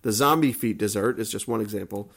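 A man's voice: lowish voice, brisk, vocal fry, fairly bright tone, slightly rough. A man hosting a casual podcast who reads odd news stories aloud and then drifts into offhand asides. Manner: reads in long runs, then trails off into asides. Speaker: podcast host. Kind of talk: casual chat, reading news items aloud.

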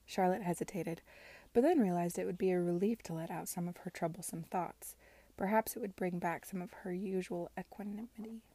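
A woman reading a novel aloud in a soft, measured manner. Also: fairly low pitch, dry recording. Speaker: reader.

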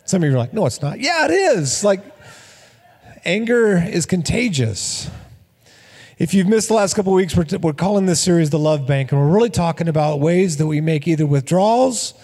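A man preaching to his congregation with a high, bright-pitched voice. He tells stories with energy and acts out the quoted lines. His voice rings with the long reverb of a large hall. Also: normal speed. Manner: energetic storytelling with acted-out quotes. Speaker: pastor. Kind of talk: sermon.

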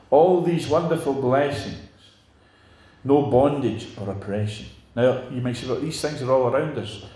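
A man's voice: mid-range voice, a little mellow, reverberant. An older man preaching a sermon in a conversational way, putting rhetorical questions to his congregation.

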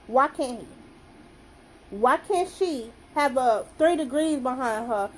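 A woman's voice: high-pitched, slight background noise, poor audio. A young woman giving a blunt, profane opinion rant to camera, repeating herself for emphasis. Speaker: vlogger.

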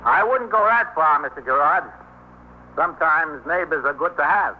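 An actor playing a police sergeant who calmly gives orders and coaxes an armed man to open the door, in 1950s radio drama style. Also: a little high, moderate pace, close to an everyday voice. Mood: coaxing. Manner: calm, firm, coaxing. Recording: tinny old radio broadcast with faint hiss.

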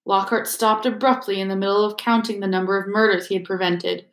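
A woman reading a novel aloud in a measured, expressive narration. Her voice rings in a roomy, echoing space. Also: medium pitch. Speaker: audiobook reader. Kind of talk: audiobook narration. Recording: roomy echo.

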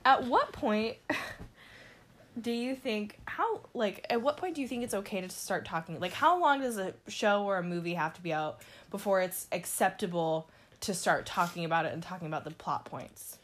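A woman's voice: medium pitch, expressive, normal speed, a bit bright. A woman co-hosting a podcast in casual chat from bed. She is blunt and chatty and swears freely. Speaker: podcast co-host. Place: bedroom, lying in bed.

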